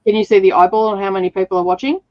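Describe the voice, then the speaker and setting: A woman's voice: medium pitch, steady tone, racing, a little mellow, dry recording. Woman streamer with a sore throat, chatty, laughs a lot, dry dull mic sound. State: sore throat, slightly rough voice. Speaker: livestream reading sprint host. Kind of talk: casual chat.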